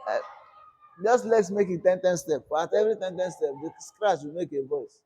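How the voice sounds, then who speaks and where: A man with a fairly high, husky voice walks students through a screen-recorded coding lesson. He talks in a repetitive call-and-response way, posing a question and then supplying the answer himself. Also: moderate pace, dark tone. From Nigeria. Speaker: coding instructor.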